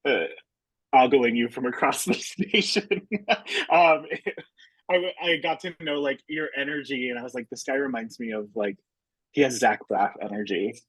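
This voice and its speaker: A man's voice: medium pitch, a little slow, a bit bright, breathy edge, no room sound, rough recording. A young man, a podcast guest, chatting casually in a friendly, giggly and hesitant way over a video call. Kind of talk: casual chat.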